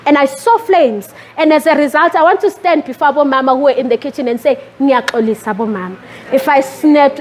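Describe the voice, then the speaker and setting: High-pitched woman preaching, animated, middle-aged. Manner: animated, code-switching with lively rises in pitch. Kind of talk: sermon.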